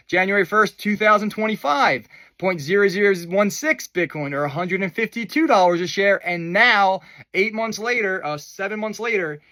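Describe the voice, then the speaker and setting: A man hosting a casual crypto news rundown, chatty and enthusiastic, with fillers and quick asides. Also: high voice, bright, forceful tone, dry recording. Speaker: host of a crypto news video.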